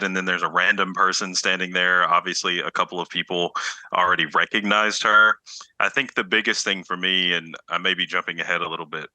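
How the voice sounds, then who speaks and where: A man co-hosting a podcast in casual chat, animated and given to exaggerated retellings. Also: sits low, dry recording, rough recording. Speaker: podcast co-host.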